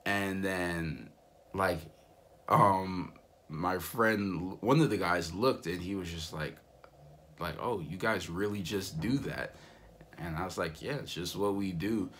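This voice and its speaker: A young man vlogging, casually telling stories with a relaxed, rambling manner full of fillers. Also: low voice, slow, a little hiss or hum. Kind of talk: casual storytelling vlog.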